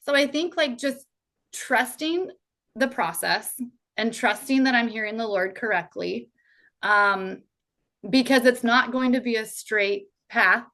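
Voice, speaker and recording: A woman's voice: on the high side, a little slow, a bit bright. A woman in her thirties, a podcast guest talking in an earnest, heartfelt way, full of casual fillers. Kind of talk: faith podcast conversation.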